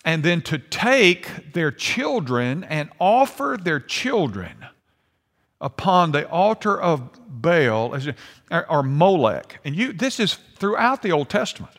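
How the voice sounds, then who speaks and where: An older man preaching a sermon, swinging between hushed and emphatic delivery. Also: a little high, sing-song, takes it slowly. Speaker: pastor. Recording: long hall reverb.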